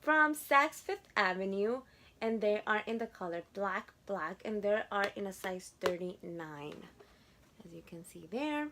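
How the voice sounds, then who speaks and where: Young woman vlogger with a Spanish accent, gushing, slow talker with a bright, pushing voice. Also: medium pitch, slight background noise. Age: 20s. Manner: chatty, gushing, repeats words for emphasis. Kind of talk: casual haul chat to camera.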